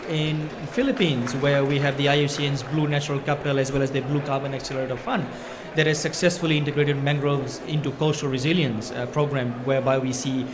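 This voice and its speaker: A man from Fiji speaks as a panelist, talking fast and eagerly with plenty of ums and uhs. He is recorded in a conference pavilion with clear background noise. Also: mid-range voice, steady tone. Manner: quick, enthusiastic, many fillers.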